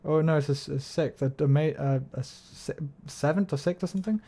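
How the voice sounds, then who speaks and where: A man's voice: a little high, brisk, warm tone, husky. A man chatting casually on a livestream, explaining music theory, humming melodies and swearing when frustrated. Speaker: streamer. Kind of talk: casual livestream chat while gaming.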